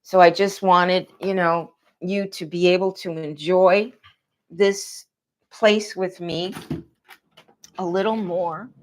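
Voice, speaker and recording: A woman's voice: fairly low pitch, slow pace. Aggrieved woman telling a rambling story. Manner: aggrieved and animated, acting out quotes. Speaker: vlogger. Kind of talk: rambling personal storytelling monologue. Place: outdoors.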